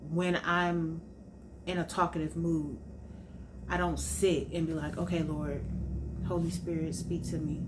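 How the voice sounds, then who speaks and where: Low-voiced woman chatting casually. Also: noisy background. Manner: chatty, informal storytelling, addresses viewers as y'all. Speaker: vlogger. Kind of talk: casual sit-down chat.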